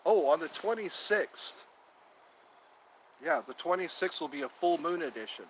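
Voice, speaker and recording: A man's voice: a little high, animated, normal speed, a little hiss or hum, poor audio. A man hosting a casual livestream from outdoors in the cold on his phone, rambling and repeating himself as he talks to viewers. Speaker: livestream host.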